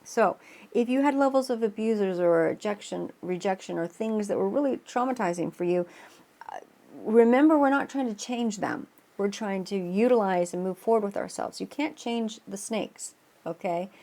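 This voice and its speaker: A woman's voice: mid-range voice, normal speed, mellow. A woman tarot reader talks through the month's astrology in a loose, earnest ramble. She often restarts her sentences and fills gaps with "uh" and "like" while laying out cards. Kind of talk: casual spoken astrology reading.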